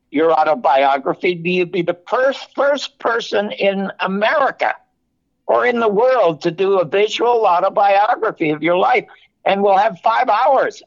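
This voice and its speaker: An older man, a television producer, telling animated stories in an interview and acting out the dialogue. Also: sits high, gravelly. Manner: animated anecdote-telling, acts out quoted dialogue. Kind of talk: storytelling interview. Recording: muffled, lo-fi audio.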